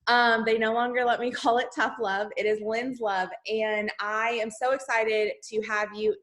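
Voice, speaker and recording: A woman with a fairly high voice gives an emphatic, motivational pep talk. She speaks into a laptop on a video call from home and talks straight to her team. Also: normal speed, few pauses. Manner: energetic, emphatic, Southern-style "y'all" address. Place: home, indoors.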